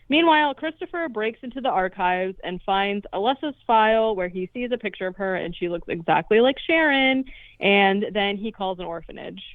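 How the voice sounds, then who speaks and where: A woman's voice: medium pitch, no echo. A woman co-hosting a podcast, casually retelling a movie's plot and swearing as she goes. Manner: swearing, jokey retelling with quoted lines. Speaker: podcast co-host. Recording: dry tinny phone-like line.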